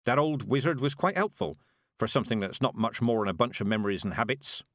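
A man reading an audiobook, voicing a stern old witch who talks in a brisk, firm, no-nonsense way. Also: medium pitch, lively intonation, no room sound, clean studio sound, close to an everyday voice.

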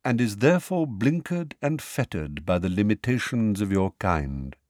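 Firenze, a man voicing a calm centaur. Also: fairly low pitch, no echo, clean studio sound. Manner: calm, slow and measured. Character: calm wise male centaur teacher, aloof. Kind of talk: audiobook character voice.

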